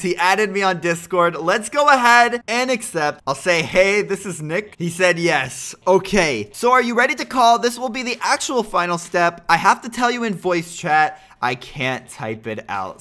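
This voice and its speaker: Excitable male gaming host, high and bright, jokey prankster commentary over faint music. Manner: excitable, laughs often, playful prankster. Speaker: gaming YouTuber. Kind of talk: casual gameplay commentary.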